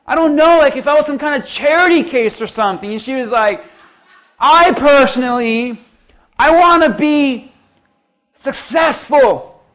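High-voiced male pastor preaching. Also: a bit bright. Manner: storytelling, rising to emphatic peaks. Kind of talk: sermon.

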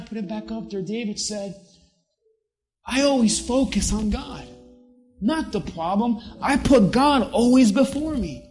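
Preacher going slow n emphatic, drags out the big words, soft music under it. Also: medium pitch. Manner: emphatic preaching, slows down to stress key words. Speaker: pastor. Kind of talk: sermon.

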